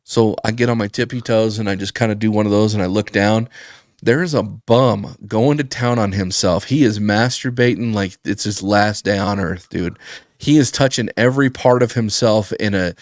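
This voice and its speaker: A man telling a rambling, profane story in casual podcast chat, getting animated when he quotes people. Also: fairly low pitch, moderate pace, no echo, studio quality. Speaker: podcast guest.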